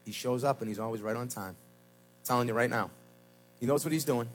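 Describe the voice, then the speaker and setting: A man preaching a sermon as pastor, swinging between loud emphatic cries and quiet low asides in a sing-song cadence, repeating his phrases. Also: animated, brisk.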